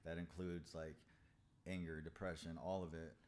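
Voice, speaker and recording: A man speaking as a podcast guest, telling his own story in a candid, halting, confessional way and swearing freely. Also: deep voice, level tone, darkish tone.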